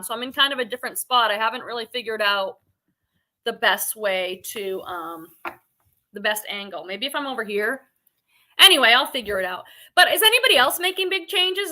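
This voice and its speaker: A woman's voice: fairly high pitch, sharp tone. A woman hosting a casual reselling livestream from her living room, chatty and rambling, greeting viewers by name. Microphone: computer webcam on livestream.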